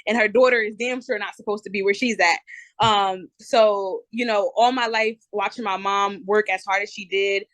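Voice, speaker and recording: A woman in her twenties from New Jersey, speaking with a New Jersey accent as a candid, lively guest in a casual interview. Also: medium pitch, normal speed, dry recording. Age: 20s. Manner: lively, candid, lots of "um" and "you know". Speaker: guest entrepreneur.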